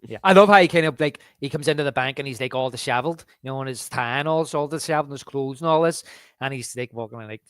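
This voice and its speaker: A man's voice: medium pitch, very fast, fairly bright tone, clean tone, no echo, studio quality. A man co-hosting a podcast, chatting casually and animatedly, often acting out lines and laughing. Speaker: podcast co-host. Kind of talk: casual film chat.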